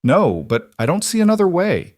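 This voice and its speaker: Man reading a tired, frank frontier wife, lifted pitch, plain delivery. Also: huge pitch swings, normal speed, darkish tone, no echo, studio quality. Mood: earnest. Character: weary determined young ranch wife.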